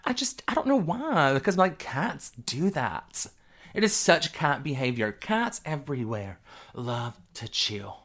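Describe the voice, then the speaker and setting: A podcast host giving a loose, rambling solo monologue while high, often breaking into giggles. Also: lively intonation, moderate pace.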